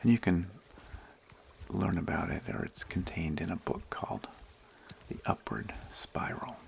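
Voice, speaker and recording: Soft-spoken asmr guy on a hike, slow n whispery, super gravelly low voice. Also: sing-song. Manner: whispery, gentle, unhurried storytelling. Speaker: ASMR host. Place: outdoors on a nature hike.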